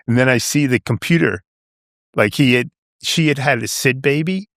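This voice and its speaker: A man from Long Island, New York, in his seventies, rambles through a story on a podcast, repeatedly tossing in "you know" and "right?" His voice is medium-pitched and a bit bright at a normal speed. The clean studio recording is dry.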